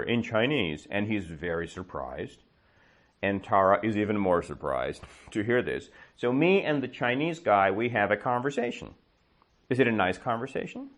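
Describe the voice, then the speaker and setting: A man teaching English, telling a story slowly to a class and checking their understanding with quick questions. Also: medium pitch, fairly bright tone. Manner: slow, exaggerated storytelling with comprehension checks. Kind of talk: storytelling lesson with questions to learners.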